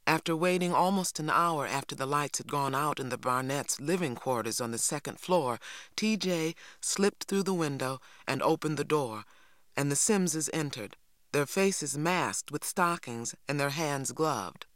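A narrator reading a novel aloud in a steady storytelling manner. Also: medium pitch, measured pace, no room sound, studio quality. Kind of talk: audiobook reading.

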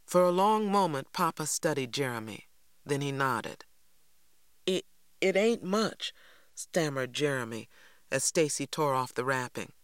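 A man's voice: medium pitch, normal speed, a bit bright, clean tone, no echo. Man narrating an audiobook, dry sound. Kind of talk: scripted narration.

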